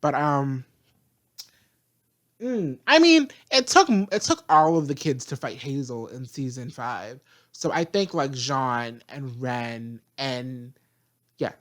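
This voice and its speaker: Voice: medium pitch, fairly bright tone. A show reviewer ranting casually and profanely, piling up repeated rhetorical questions.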